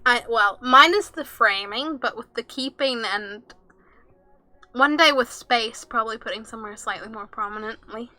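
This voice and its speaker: A woman's voice: fairly high pitch, normal speed, bright, forceful tone, no room sound. A young woman streaming a game, chatting casually with viewers, giggling and reading game text and chat aloud.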